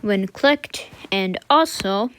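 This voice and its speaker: A woman walking through a coding tutorial in a casual way, thinking aloud with fillers and self-corrections and muttering quiet asides to herself as she works at her computer. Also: medium pitch, lively intonation, takes it slowly, a little hiss or hum. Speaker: tutorial maker.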